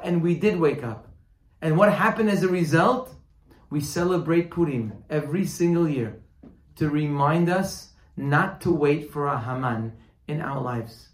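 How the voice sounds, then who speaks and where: A man teaching a Torah class, telling a story with animated speed-ups and hushed asides. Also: on the high side, unhurried, reverberant.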